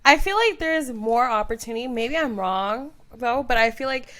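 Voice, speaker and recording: A woman's voice: a little high, expressive, moderate pace, fairly bright tone. A young woman co-hosting a podcast in casual chat, laughing a lot and reacting with short agreements and slang. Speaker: podcast co-host.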